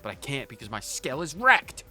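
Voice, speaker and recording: A hot-headed young mech pilot rants in loud exasperation, as a man reads his lines aloud. The voice is bright and forward, leaping up and down in pitch, with faint game music behind. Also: very animated, moderate pace, exaggerated voice. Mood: furious.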